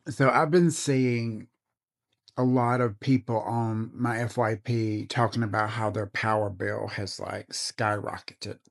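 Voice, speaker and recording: A man's voice: lowish voice, steady tone, slow pace, gravelly. A man venting to camera about his bills, angry, swearing and worn out. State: frustrated. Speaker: vlogger.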